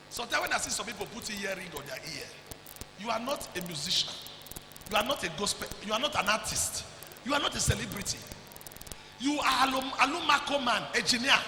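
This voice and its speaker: A man preaching a sermon as pastor, loud and emphatic, often shouting and slipping into Pidgin. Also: sits high, lively intonation, normal speed, reverberant, in a large hall, slight background noise, rough recording. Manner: preaching loudly with frequent shouts and Pidgin asides.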